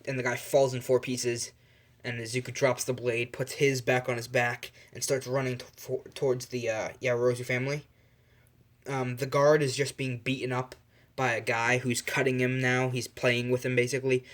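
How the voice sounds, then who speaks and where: A man's voice: medium pitch, little pitch movement, normal speed, a bit bright. A young man improvising a fan story aloud, rambling and correcting himself as he goes, with lots of fillers.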